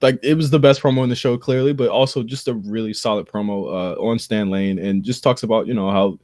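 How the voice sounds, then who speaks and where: A man's voice: fairly low pitch, fairly even intonation, brisk, a little mellow, dry recording, studio quality. A young man co-hosting a casual podcast, running down old wrestling matches in a laid-back way, with "dude" and "bro" here and there. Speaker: podcast co-host. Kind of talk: casual chat reviewing old wrestling shows.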